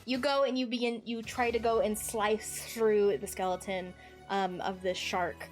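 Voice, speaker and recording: A woman runs a tabletop game at a middling pitch, narrating in a halting way full of fillers and restarts. Faint music plays underneath her. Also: fairly even intonation. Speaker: game master.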